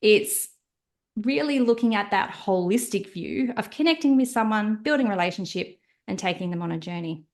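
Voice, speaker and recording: Woman, podcast guest, mid-pitched voice, animated, explanatory. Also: moderate pace. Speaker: podcast guest, marketing strategist. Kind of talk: podcast interview.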